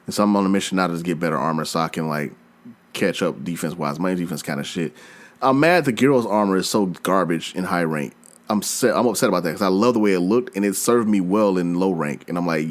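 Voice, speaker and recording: A man's voice: low-pitched, quick pace. A man hosting a podcast, chatting casually and acting out his own reactions as he tells gaming stories. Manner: animated storyteller, acts out his own reactions. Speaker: podcast host.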